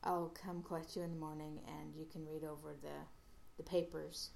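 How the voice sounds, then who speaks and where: A woman casually retelling an episode's plot as a podcast host, halting often with fillers and restarts. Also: sits low, little pitch movement, vocal fry, darkish tone, slight background noise.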